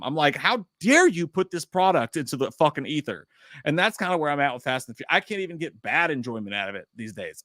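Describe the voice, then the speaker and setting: A man's voice: medium pitch, fairly bright tone, dry recording, studio quality. Profane rambling male live-stream host. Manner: reads viewer chat aloud. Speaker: podcast host. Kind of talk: casual live-stream chat.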